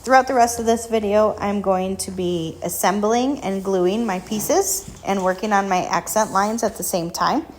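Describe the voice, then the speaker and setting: A woman's voice: medium pitch, normal speed, hardly any pauses, darkish tone, slight background noise. Woman talking thru a craft tutorial, casual, lots of ums, pokes fun at herself. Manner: chatty and self-deprecating, with frequent ums. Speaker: craft shop tutorial host.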